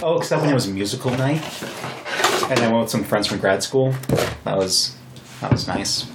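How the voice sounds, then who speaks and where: Relaxed young man on a podcast. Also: lowish voice, moderate pace. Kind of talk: casual chat. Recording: roomy echo with faint noise.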